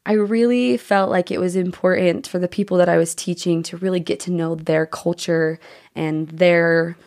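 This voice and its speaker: A woman's voice: on the low side, fairly even intonation, normal speed, darkish tone. A woman in her twenties from the United States, an interview guest talking earnestly and with enthusiasm, often restarting her sentences. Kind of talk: casual interview chat.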